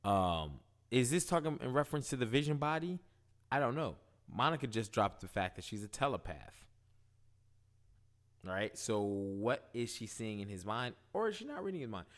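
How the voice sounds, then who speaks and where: A man casually recapping and reviewing a TV episode, animated, asking "right?" often. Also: mid-range voice, moderate pace. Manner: animated, retells scenes, quotes characters, frequent "right?". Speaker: show reviewer.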